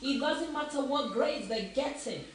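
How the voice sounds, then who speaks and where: A woman's voice: high-pitched, lively intonation, measured pace. A woman from Africa, hosting a live online show in a chatty, encouraging way and laughing often. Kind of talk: casual talk to live viewers. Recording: echoey room, mic far off.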